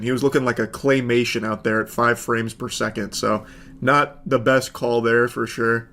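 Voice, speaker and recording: A man's voice: mid-range voice, fairly bright tone. Profane sardonic male commentator. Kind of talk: casual commentary.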